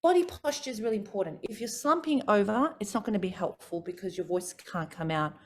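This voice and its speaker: A middle-aged woman vocal coach talks a group through voice warm-ups. Her delivery is expressive and demonstrative, moving between low and high to model technique. Her pitch sits in an ordinary middle range for a woman. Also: a little fast. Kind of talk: coaching workshop talk.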